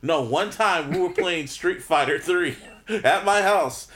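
A man's voice: fairly high pitch, measured pace, fairly bright tone, slight background noise. A man co-hosting a podcast, telling funny anecdotes in casual chat. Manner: anecdotal, laughs through stories. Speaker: podcast co-host.

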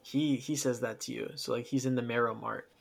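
A man's voice: medium pitch, steady tone, brisk, vocal fry. A man hosting a casual chat about a video game, telling it as a rambling story with frequent laughs.

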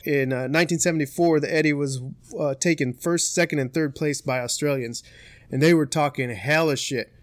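A man's voice: fairly high pitch, steady tone, brisk, dry recording. A young man hosting a podcast, telling a story in casual, profane chat and laughing often. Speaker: podcast host.

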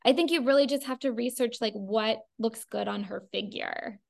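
Chatting through a casual interview, a woman who works as a costume designer shares stories in a creaky voice that sits on the high side. She talks at a normal speed and leans heavily on fillers, saying "like" again and again.

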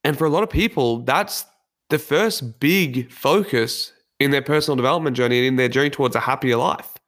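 A man's voice: mid-range voice, brisk, fairly bright tone. Earnest man giving a motivational talk. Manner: earnest, candid and reflective. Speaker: personal development speaker. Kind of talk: motivational monologue.

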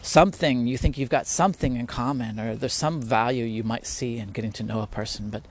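A man talks through a podcast in a loose, unscripted way, circling back on his words and breaking into laughter. His voice sits at an ordinary middle pitch, and he sounds earnest and easygoing. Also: fairly quick. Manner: earnest, rambling, laughs often. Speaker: podcast host. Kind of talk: casual spiritual talk. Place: at home, near spiders.

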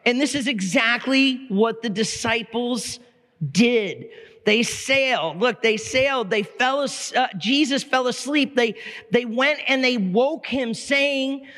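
A man pastor delivering a sermon with animated storytelling and playful impressions. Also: very high-pitched, a little slow. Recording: long hall reverb.

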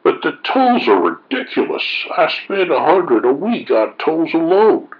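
A man with a lively, swooping delivery reads forum posts aloud and interrupts them with folksy, mock-indignant asides. The recording sounds a little dull and lo-fi. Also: fairly high pitch, measured pace. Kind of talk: reading posts with sarcastic commentary.

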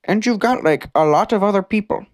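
A man's voice: sits high, lively intonation, a little fast, no echo. A man hosting a comedic conspiracy podcast, rambling and stammering in a mock-serious way. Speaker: podcast host.

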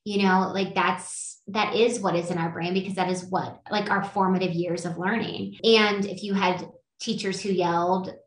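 A woman teacher hosting a podcast, talking in a casual, animated way and laughing at herself as she tells a story. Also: on the low side, moderate pace, echoey room, rough recording. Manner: animated, laughing, self-deprecating. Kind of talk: casual conversation.

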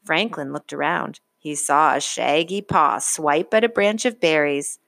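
Storyteller: woman, lower voice, slow and gentle picture-book reading, very dry close sound. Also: gravelly, dry recording. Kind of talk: children's storybook read-aloud.

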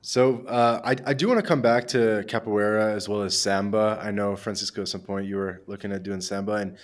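A man's voice: fairly low pitch, steady tone, a little fast. A man hosting a podcast roundtable, asking guests questions. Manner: steers discussion, asks guests questions. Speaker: podcast host. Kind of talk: moderating a roundtable.

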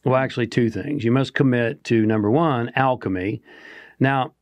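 A man's voice: medium pitch, steady tone, moderate pace, dry recording. A man co-hosting a motivational talk show, speaking earnestly and asking the listener rhetorical questions. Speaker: podcast co-host.

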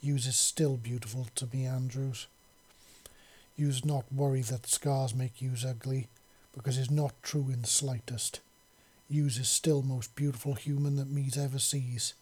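A man voicing a huge, tender female beast-woman who speaks softly in broken grammar. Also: medium pitch, little pitch movement, a little slow, breathy edge. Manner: soft-spoken, broken grammar.

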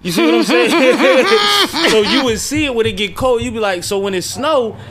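A man hosting a casual podcast chat, relaxed and crude in his joking. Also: very high voice, normal speed, over a noisy crowd. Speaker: podcast host.

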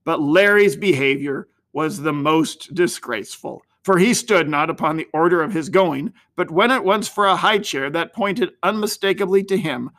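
Bright, high-voiced man narrating a storybook. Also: moderate pace, few pauses. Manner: expressive, gently dramatic.

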